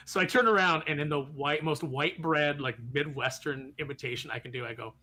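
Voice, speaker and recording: Man, high bright voice, very lively pitch, animated storyteller, casual podcast chat. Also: fast. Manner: animated anecdote teller, puts on voices. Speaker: podcast co-host.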